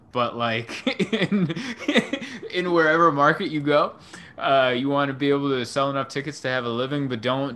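A man with a bright, forceful voice, a stand-up comic guesting on a podcast. He talks in a loose, offhand, joking way and tosses out wry advice. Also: mid-range voice. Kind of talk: casual podcast chat.

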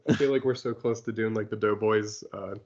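A man's voice: lowish voice, fairly even intonation, brisk, darkish tone, dull audio. A man co-hosting a comics podcast in casual, jokey chat, laughing often. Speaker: podcast co-host.

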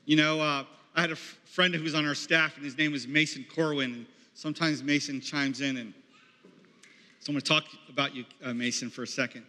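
In an echoey hall, a man with a fairly high, bright voice preaches a sermon at a fairly quick clip, his tone steady yet forceful. He leads a campus ministry and keeps things conversational, calling on audience members as he goes.

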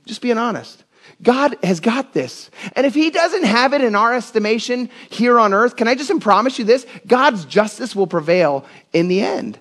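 High-voiced preaching pastor, fervent. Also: male voice, expressive, moderate pace. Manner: conversational and emphatic, rising to passionate shouts. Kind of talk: sermon.

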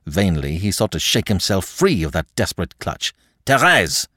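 A man narrating a classic novel in a dramatic, expressive way. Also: low voice, moderate pace, no echo, clean studio sound. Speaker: audiobook narrator.

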